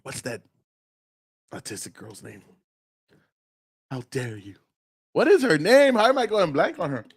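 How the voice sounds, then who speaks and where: A man's voice: sits high, huge pitch swings, normal speed, husky, dry recording, studio quality. A man hosting a casual political rant, profane and rambling, often mocking the people he talks about. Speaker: political commentary host.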